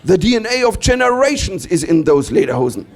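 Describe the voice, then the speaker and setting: A German man from Bavaria with a German accent, doing stand-up comedy as an animated storyteller who acts out other people's lines. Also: high-pitched, brisk.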